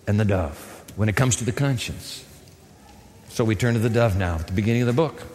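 A man preaching a sermon, telling the story in an animated way. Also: mid-range voice, slight background noise. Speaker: pastor. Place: church sanctuary. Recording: echoey hall.

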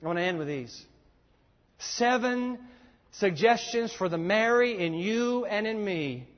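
Brief: high-pitched male preacher, emphatic sermon delivery, long hall reverb. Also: lively intonation, unhurried. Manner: emphatic, repeats points for note-taking. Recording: echoey dull lo-fi hall recording.

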